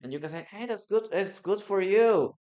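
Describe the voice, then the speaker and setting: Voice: medium pitch, expressive, moderate pace, dark tone. An English teacher from Peru, giving a casual bilingual lesson and acting out short example dialogues, often tagging explanations with "no?". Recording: slightly dull lo-fi recording.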